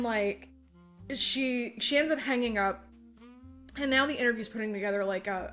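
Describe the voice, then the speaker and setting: A woman co-hosting a podcast, casually retelling a story with lots of fillers and acted-out quotes. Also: medium pitch. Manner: animated retelling, frequent fillers, acts out quotes. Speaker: podcast co-host. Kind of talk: casual chat.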